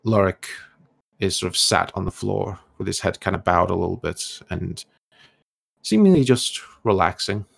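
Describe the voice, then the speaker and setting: A man narrating as game master of a tabletop role-playing game in a casual, relaxed way. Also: sits low, normal speed, vocal fry.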